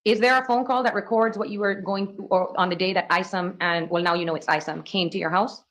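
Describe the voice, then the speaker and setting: A woman attorney examining a witness at a rapid clip. Her questions are brisk and leading, and she keeps punctuating them with "okay" and "all right". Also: medium pitch, fairly even intonation, fairly bright tone. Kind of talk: courtroom direct examination. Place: courtroom.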